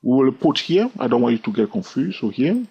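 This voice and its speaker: A man with a non-native English accent walks through trading charts in a chatty, teasing way, his pitch swinging up and down as he talks. His voice is a little husky. The recording sounds dull and lo-fi. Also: sing-song, brisk. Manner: chatty, teasing, checks in with "all right?". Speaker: trading educator. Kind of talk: screen-recorded chart lesson.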